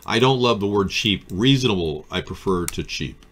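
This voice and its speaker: A male live stream host chats casually about politics, answering viewers in a sardonic, riffing way. His pitch swings around freely as he talks. Typing on a keyboard can be heard near him. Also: animated, normal speed, a bit bright. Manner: sardonic, riffs off viewer comments.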